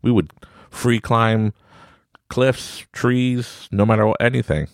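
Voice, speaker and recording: A man's voice: mid-range voice, takes it slowly, no room sound, clean studio sound. A man in his forties hosting a podcast, giving a rambling, upbeat motivational talk and laughing often. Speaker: podcast host.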